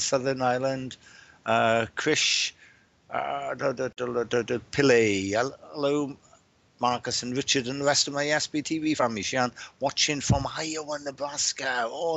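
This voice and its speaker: A man from Wales who works as a medium and is hosting a livestream. He talks in a loose, chatty way, greeting viewers one by one by name. He often stumbles, repeats his words and restarts his sentences, and his voice sits at an ordinary middle pitch. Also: creaky, fairly bright tone.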